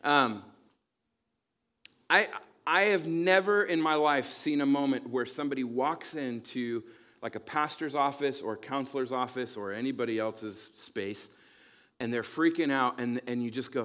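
A man preaching in a loose, conversational way, speaking at an ordinary middle pitch. He keeps checking in with his listeners and reads scripture aloud with lifted energy. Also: normal speed, fairly bright tone. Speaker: pastor and counselor. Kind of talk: casual sermon teaching. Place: church campus.

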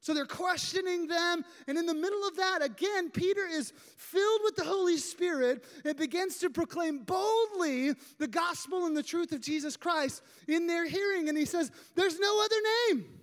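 A pastor preaching a sermon in a church sanctuary, retelling a story in an animated, emphatic way. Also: extremely high pitch, moderate pace, hardly any pauses. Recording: long hall reverb.

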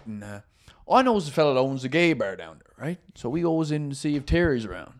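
A man with a Newfoundland accent, a comedian guest on a casual podcast, telling a crude story in an animated way. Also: mid-range voice, fairly quick.

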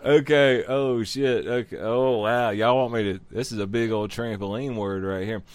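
A man hosts a comedy talk show, reading out strange news headlines and riffing on them with profane asides. His voice is medium-pitched, clear and resonant, with a steady tone at a normal speed.

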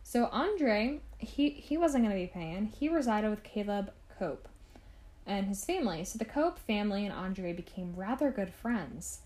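A woman's voice: medium pitch, expressive, unhurried, darkish tone. A woman hosting a podcast, telling a history story in a chatty, casual way with asides to the listener. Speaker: podcast host.

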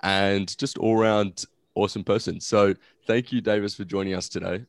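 Low-voiced young man podcast co-host. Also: steady tone, normal speed, dry recording. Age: young adult. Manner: dry, joking asides. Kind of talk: casual chat.

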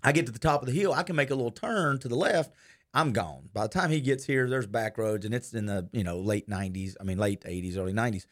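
A man tells a story in casual conversation at a rapid pace. His delivery is brisk and lively, with a voice of middling pitch. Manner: brisk, lively anecdote teller.

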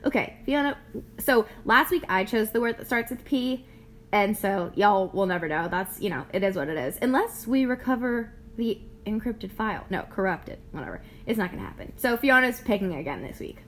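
A woman's voice: medium pitch, lively intonation, moderate pace, a little hiss or hum. A woman co-hosting a podcast in casual chat, playful and often laughing. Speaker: podcast co-host.

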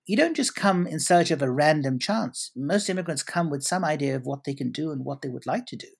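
A man's voice: fairly high pitch, lively intonation, brisk, vocal fry, slightly rough. A man answering interview questions at length, articulate and elaborate, often restarting his sentences. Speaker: guest commentator.

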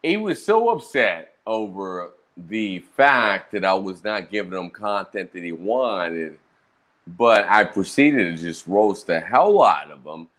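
Brash man, crude streamer storyteller, pitch swinging high and low. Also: slow. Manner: profane, animated, brash roasting talk. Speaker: streamer recounting roast battles. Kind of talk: casual storytelling monologue.

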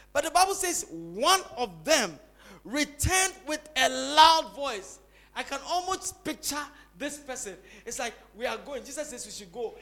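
Man pastor, high voice, bright tone, dramatic sermon delivery. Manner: dramatic, swings from loud cries to soft asides.

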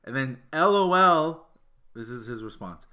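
A man's voice: medium pitch, measured pace, crowd noise. A man co-hosting a casual podcast chat, ranting animatedly with plenty of swearing. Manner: animated, profane ranting with laughter. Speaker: podcast co-host.

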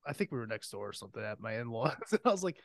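A man hosting a podcast in a relaxed chat, laughing often and telling easygoing stories. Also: medium pitch, rapid-fire, vocal fry, no room sound, studio quality. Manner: laid-back, laughs often. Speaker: podcast host. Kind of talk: casual chat.

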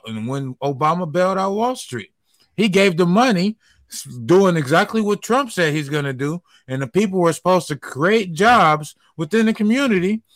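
A man's voice: high-pitched, fairly bright tone, no room sound. A man in a casual group discussion, explaining his point at length and building his argument step by step.

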